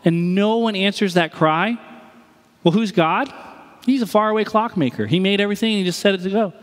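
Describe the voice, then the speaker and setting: A man's voice: high voice, lively intonation, brisk, big-room sound. A man preaching a sermon as pastor, conversational, and he acts out the voices he quotes.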